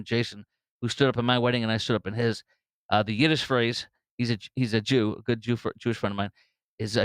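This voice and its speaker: Scornful rambling male commentator, smooth dry voice. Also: medium pitch, a bit bright, dry recording. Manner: scornful, rambling, frequent fillers. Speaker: podcast host. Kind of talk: political commentary.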